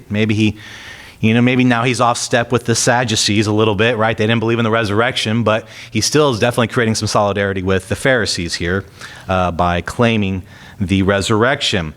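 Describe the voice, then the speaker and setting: A man's voice: fairly low pitch, fairly quick. A man preaching a sermon in a conversational way, reading scripture aloud with emphasis and putting rhetorical questions to the congregation. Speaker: pastor.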